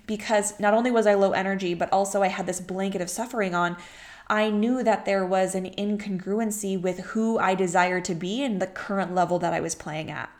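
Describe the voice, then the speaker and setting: Emphatic young woman coaching listeners. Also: medium pitch. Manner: emphatic, repeats phrases, acts out her inner voice. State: pregnant. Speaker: business coach. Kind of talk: motivational podcast talk.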